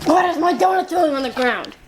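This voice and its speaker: A young woman filming a casual home video of her dog, giggling, cooing and scolding him. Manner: giggly, scolds and coos at her dog, goes shrill when excited. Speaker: dog owner vlogger. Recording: noisy home camera recording.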